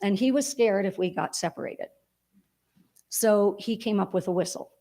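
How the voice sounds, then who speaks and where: A woman's voice: medium pitch, moderate pace, dark tone. A woman giving a heartfelt, rambling eulogy for her father at a church memorial service.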